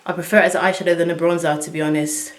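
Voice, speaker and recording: A woman chatting to viewers as she works through a casual makeup tutorial at home, excitable and talking as she goes. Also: fairly low pitch, rapid-fire. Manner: chatty, excitable, talks to viewers while working. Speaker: beauty vlogger. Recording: echoey room.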